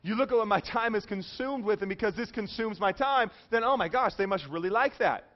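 Man, preaching, high-pitched, chatty and joking, muffled lo-fi sound. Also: a little fast. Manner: conversational, jokey, with frequent checks on the audience. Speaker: pastor. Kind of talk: sermon.

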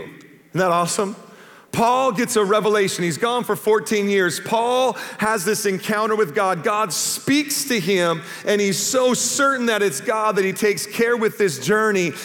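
A man preaching a sermon as pastor, animated and humorous, asking the congregation questions. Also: high voice, in a large hall. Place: church stage before a live congregation.

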